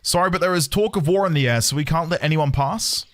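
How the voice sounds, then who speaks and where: A man's voice: on the high side, quick pace, a bit bright, lightly acted. A man voicing a male gate guard, firm but polite.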